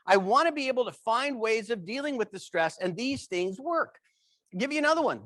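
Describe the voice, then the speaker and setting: Humorist keynote speaker, man, high-pitched, playful storytelling, dry close mic. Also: no room sound. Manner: animated, playful comic delivery.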